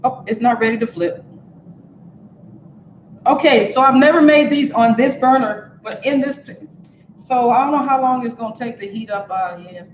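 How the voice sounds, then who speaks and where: On a casual cooking livestream from her home kitchen, a woman with a voice on the high side chats loosely and directly with her audience at a moderate pace. Recorded by a camera on a stand, the sound is roomy and slightly muffled, with slight background noise.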